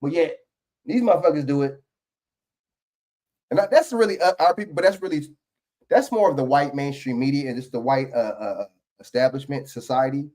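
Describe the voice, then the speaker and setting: A man's voice: fairly high pitch, brisk, long pauses, a little mellow. A man giving heated, profane reaction commentary on a political video clip.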